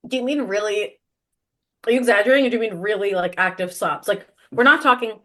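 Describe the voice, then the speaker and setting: A woman co-hosting a casual book podcast, chatty, full of "like", quick to laugh. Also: medium pitch, sharp tone. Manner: chatty, lots of "like", laughs easily. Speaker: podcast co-host. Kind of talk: casual book-club chat.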